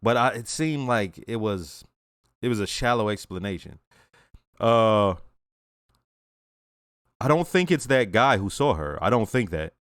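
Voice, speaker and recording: A young man hosting his own reaction channel, casually reviewing a TV episode in blunt, profane talk and acting out the characters in quick asides. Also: on the low side, lively intonation, a bit bright, no echo, clean studio sound.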